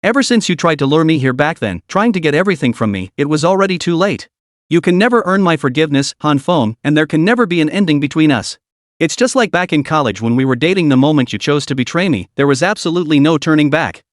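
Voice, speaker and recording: A man's voice: on the high side, lively intonation, fast, no echo, clean studio sound, close to an everyday voice. A man voicing a cold, vengeful young man who speaks with scorn.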